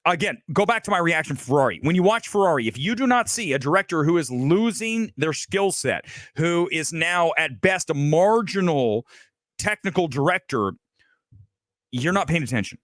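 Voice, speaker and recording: A man's voice: on the high side, animated, normal speed, a bit bright, no echo, clean studio sound. A man hosting a film review livestream, talking bluntly and emphatically with self-assured opinions. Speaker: film critic host.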